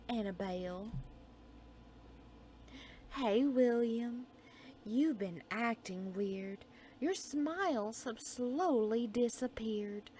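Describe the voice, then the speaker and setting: A woman storyteller with a fairly high voice reads a dark romance tale at a very slow, unhurried pace. Her delivery is soft and dreamy, and she sometimes sinks into a whisper. A faint hiss of noise sits under her voice.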